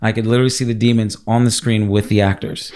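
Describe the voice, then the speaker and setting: A man's voice: lowish voice, little pitch movement, quick pace, darkish tone, clean tone. A man sharing an emotional personal testimony as a guest, telling his story with laughter and acted-out quotes.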